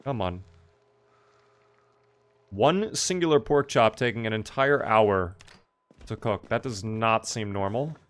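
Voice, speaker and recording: A man's voice: on the low side, expressive, slow, long pauses. A young man casually chatting through a live gameplay stream, reacting to the game and answering his chat.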